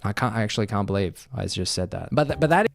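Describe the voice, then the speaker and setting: A man narrating a commentary video essay in a sarcastic, exasperated way, his voice jumping high and dropping low. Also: expressive, quick pace, gravelly, dry recording, studio quality.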